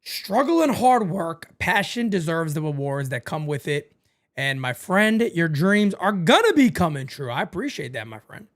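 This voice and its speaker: A man hosting a live-stream watch party, calling the baseball game and chatting with viewers in a casual, excitable way. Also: moderate pace. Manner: animated, jumps into high excited calls then drops low and quiet.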